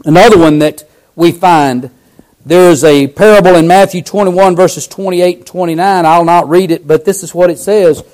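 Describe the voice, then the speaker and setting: A man preaching a sermon, fervent, swinging from loud cries to hushed lines. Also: sits high, moderate pace.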